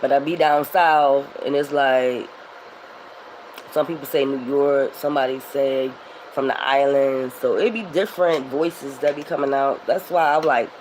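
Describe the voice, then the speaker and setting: A woman's voice: low voice, moderate pace, a little mellow, a little hiss or hum, rough recording. Emphatic, swearing woman. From Philadelphia. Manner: emphatic, rambling, swears freely. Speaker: tarot reader. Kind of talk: spiritual vlog monologue.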